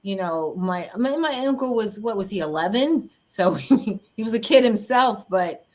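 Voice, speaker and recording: A woman pastor hosting a podcast, telling a personal story in an open, animated way, often laughing and acting out what others said. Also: mid-range voice, unhurried.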